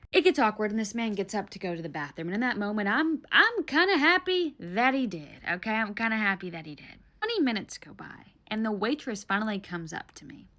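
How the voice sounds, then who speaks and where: A young woman from Tennessee with a Southern accent, telling a casual storytime in an animated, exasperated, blunt way. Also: medium pitch. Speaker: storytime vlogger.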